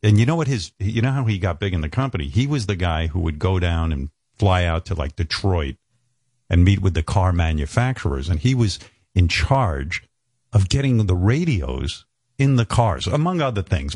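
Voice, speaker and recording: Host, new guy, low voice, lively swoops, rambling and profane, dry close mic. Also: normal speed, husky, no room sound. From New York. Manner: profane, rambling storytelling with lots of fillers. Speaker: radio show host. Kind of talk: casual radio show banter.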